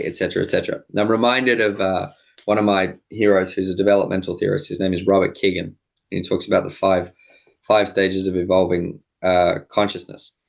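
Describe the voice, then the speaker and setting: A man, a high-performance coach, guest on a podcast interview, explaining ideas reflectively with many fillers. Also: flat delivery, brisk, creaky.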